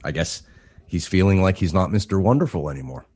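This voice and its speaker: Deep husky podcast co-host. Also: male voice, fairly quick. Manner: relaxed storytelling, mild cursing. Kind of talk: casual chat.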